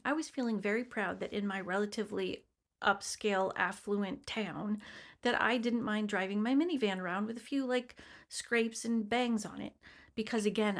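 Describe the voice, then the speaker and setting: A woman's voice: medium pitch, a bit bright. A woman in her forties, chatty and self-deprecating, telling a personal story in casual vlog style. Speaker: vlogger.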